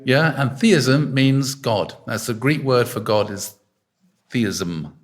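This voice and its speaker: A man's voice: medium pitch, slow. A man preaching an informal sermon in an arts centre hall, chatty and full of fillers, stopping often to quiz his listeners. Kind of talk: informal sermon with congregation questions.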